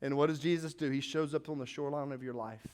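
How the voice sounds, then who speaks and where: A man's voice: on the high side, steady tone, fast, a little mellow. A man preaching a sermon as pastor, acting out scenes from the Bible with rising emphasis.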